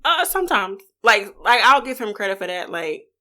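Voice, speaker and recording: A woman's voice: medium pitch, big pitch swings, normal speed, pushed and bright. A woman co-hosting a podcast in candid casual chat, acting out past arguments as quoted dialogue. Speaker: podcast co-host.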